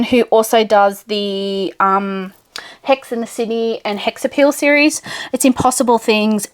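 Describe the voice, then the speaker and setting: A young woman casually chatting through a tour of her bookshelves, gushing and dropping into soft whispered asides. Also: on the high side. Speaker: book vlogger.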